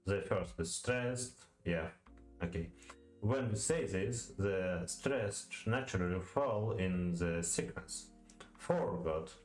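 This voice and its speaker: A man with a Russian accent, his voice low and unhurried, works through poetry notes aloud in a halting way. He stops often and says words over several times to get them right. The room is echoey, with faint music behind him. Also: darkish tone. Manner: halting, many fillers, repeats words to practice pronunciation. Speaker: language learner studying poetry. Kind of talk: reading aloud and thinking aloud while studying.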